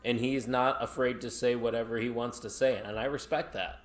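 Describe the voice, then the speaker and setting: A man's voice: medium pitch, steady tone, normal speed. A man co-hosting a live watch-along stream, chatting casually and reacting to the action while reading viewer comments.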